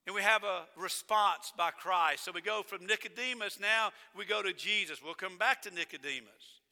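Male pastor, high-pitched, very bright tone, emphatic sermon delivery, long church reverb. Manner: emphatic, repeats phrases, slows down to stress key words. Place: church sanctuary.

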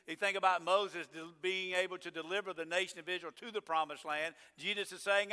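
A middle-aged man preaching a sermon as pastor, swinging from loud emphatic declarations down to low, quiet asides. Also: steady tone, fairly quick, hardly any pauses, clean tone. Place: church sanctuary. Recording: long church hall reverb.

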